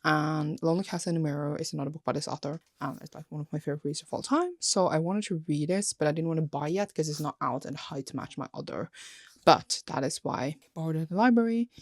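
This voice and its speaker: A young woman vlogging casually about her books, gushing and excitable, often breaking off mid-sentence. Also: sits low, quick pace, no echo, studio quality. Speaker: book vlogger. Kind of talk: casual reading vlog.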